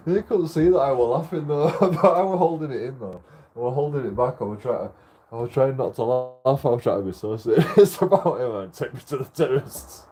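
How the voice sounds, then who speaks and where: A man's voice: mid-range voice, animated, moderate pace, warm tone. A young Irish man chatting casually on a livestream, telling stories while laughing often and swearing freely. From Ireland. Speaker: streamer.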